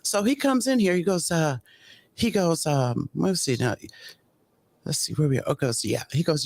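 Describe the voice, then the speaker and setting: Woman host, casual court-case commentary, sassy and animated, swinging pitch a lot, dry close sound. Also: normal speed, no echo. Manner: animated, sassy, acts out quotes with colloquial asides.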